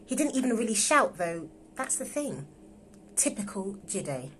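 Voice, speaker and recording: A woman's voice: mid-range voice, big pitch swings, unhurried, a bit bright, slight background noise. A woman reading a distraught young wife in love with her husband's friend, emotional and pleading, in a live script read-through over a phone. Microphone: phone on a livestream.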